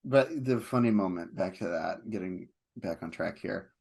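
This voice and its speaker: A man co-hosting a film podcast, talking casually and at length, getting animated when he retells scenes. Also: low voice, normal speed, gravelly, breathy edge. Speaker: podcast co-host.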